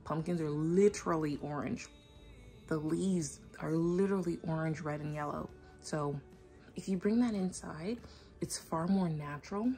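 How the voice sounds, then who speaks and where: A woman's voice: sits low, moderate pace, mellow, faint music behind. A woman vlogger chatting to camera at home in a rambling, enthusiastic way. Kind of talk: casual chat to camera. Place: at home indoors.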